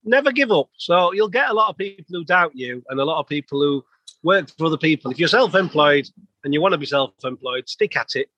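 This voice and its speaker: A man's voice: on the high side, lively intonation, brisk, sharp tone, no echo, lo-fi sound. A man, a plumber telling rambling stories with laughs as an interview guest. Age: 50s. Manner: chatty, rambling anecdotes with laughs. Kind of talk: casual storytelling.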